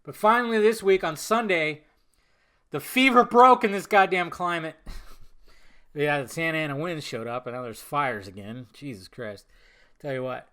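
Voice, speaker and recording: A young man with a bright, somewhat high voice hosts a solo podcast in a casual rant. He swears freely and swings between low, mumbled asides and loud, exasperated outbursts. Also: normal speed. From Southern California. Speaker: podcast host.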